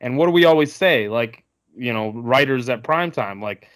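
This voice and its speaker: A man talking through a casual sports podcast at an everyday pitch. He rambles, circles back and restarts his sentences often. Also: animated, moderate pace, fairly bright tone. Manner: rambling, many fillers and restarts. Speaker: podcast co-host.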